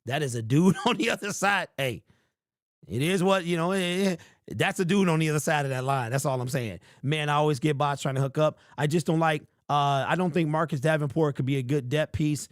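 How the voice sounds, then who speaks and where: A man's voice: a little high, brisk, no room sound, studio quality. A man hosting a sports podcast in casual chat, joking, laughing at his own stories and talking straight to viewers.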